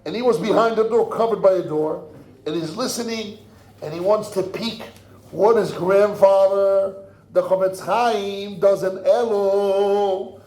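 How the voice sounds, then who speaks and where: An older man, a rabbi telling a story in a sermon. He acts out the voices, swinging from hushed murmurs to loud cries. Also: high-pitched, fairly even intonation, measured pace. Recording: echoey room.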